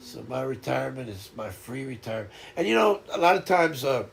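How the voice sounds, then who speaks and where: An older man hosting a casual livestream chat, talking in a reflective, halting way and often repeating words as he starts over. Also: mid-range voice, sing-song, creaky. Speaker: livestream host.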